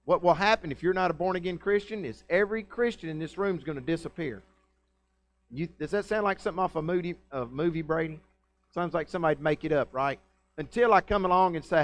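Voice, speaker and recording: A man preaches a sermon in a church. He is conversational and folksy, and he keeps checking in with his listeners. His voice sits slightly high for a man. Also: fast talker. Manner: conversational, folksy, asks the congregation questions. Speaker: pastor. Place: church sanctuary.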